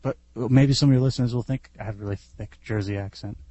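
A man chatting as a guest on a podcast, telling animated, self-deprecating anecdotes. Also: mid-range voice, fast talker, husky, dry recording, lo-fi sound. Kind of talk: casual podcast chat.

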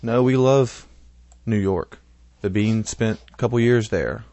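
A man's voice: on the low side, unhurried, dark tone, no echo. Joking male podcast co-host, dry sound. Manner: joking, laughs often. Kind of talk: casual chat, reading listener feedback.

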